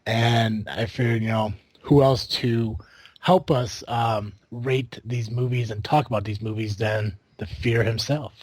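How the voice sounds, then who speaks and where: A man's voice: medium pitch, fairly even intonation, measured pace, darkish tone, no echo. A man from the United States hosting a casual podcast, rambling with lots of fillers and restarts. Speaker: podcast host.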